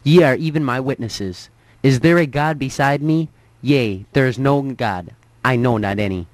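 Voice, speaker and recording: Male scripture reader, measured pace, mid pitch, dry close sound. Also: no room sound, rough recording. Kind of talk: reading scripture aloud.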